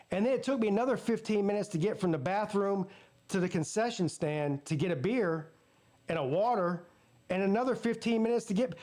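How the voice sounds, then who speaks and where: High-voiced, profane football fan host. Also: male voice, darkish tone. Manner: casual, profane, ranting. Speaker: sports channel host. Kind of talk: live game watch-party commentary and storytelling.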